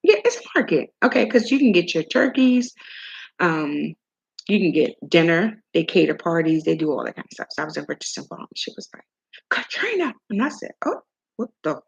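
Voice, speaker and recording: Middle-aged woman from maryland just chatting, husky kinda gravelly voice, dull lo-fi sound. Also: lowish voice, expressive, brisk. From Maryland, USA. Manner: chatty storyteller acting out dialogue. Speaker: host. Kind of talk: casual chat.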